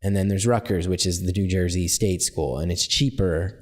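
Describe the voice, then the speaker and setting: American male comedian, 30s, mellow low-key voice, candid storyteller, podcast guest. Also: steady tone, moderate pace. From United States. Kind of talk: casual storytelling interview.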